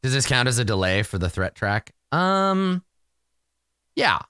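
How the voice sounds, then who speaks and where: A man narrating his solo tabletop game in a relaxed, rambling and self-amused way. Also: medium pitch, a little slow, clean tone, dry recording, studio quality.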